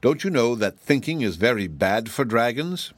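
A man's voice: mid-range voice, lively intonation, moderate pace, no echo, close to an everyday voice. A man voicing a huge old father dragon who scolds impatiently and talks down to others. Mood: chiding. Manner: chiding and pompous.

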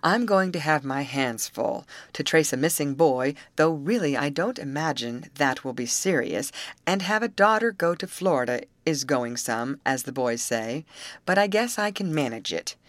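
A woman's voice: sits low, animated, moderate pace, no echo. A woman voicing a kindly middle-aged father who speaks in a musing, reassuring way, in an audiobook reading. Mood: brisk.

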